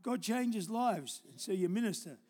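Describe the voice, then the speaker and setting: An older male pastor delivers a live church sermon with a fairly high voice. He moves between loud, urgent exhortation and quiet, tender storytelling asides. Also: animated, normal speed. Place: church auditorium.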